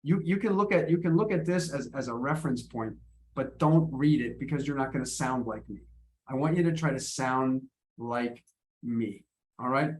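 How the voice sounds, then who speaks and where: A man's voice: medium pitch, normal speed, a little mellow. A man teaching English in an online video class, encouraging and often repeating his words as he coaches students. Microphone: video call.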